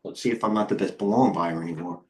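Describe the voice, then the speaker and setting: A middle-aged man hosting a live trading stream, talking fast and excitably as he flips through charts and speaks to viewers in the chat. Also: deep voice. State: out of breath. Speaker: host and head trader.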